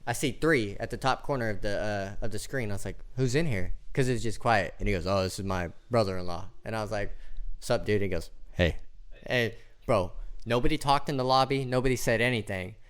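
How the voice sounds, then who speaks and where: On a casual podcast about sports and gaming, a male co-host with a fairly low voice tells stories at a brisk clip. He's an animated storyteller who swears freely and acts out what people said.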